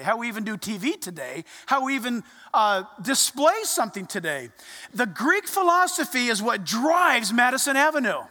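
A pastor preaching a sermon in a church, animated, acting out voices and dropping to quiet asides. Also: high-pitched, long reverb tail.

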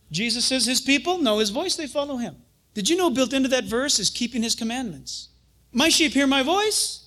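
A pastor and Bible teacher giving a sermon, telling stories in an animated way, chuckling often and acting out quotes. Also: male voice, very high voice.

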